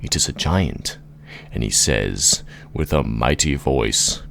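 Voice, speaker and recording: A man's voice: very deep voice, lively intonation, takes it slowly, gravelly, a bit bright. A man narrating an improvised comic fantasy story with rambling, laughing asides.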